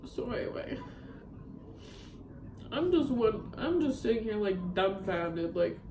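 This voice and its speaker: A woman's voice: mid-range voice, sing-song, slow, echoey room, noisy background. A young woman vlogging a rambling, upset story about a breakup, full of fillers and swearing. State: upset, near tears. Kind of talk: ranting storytime vlog.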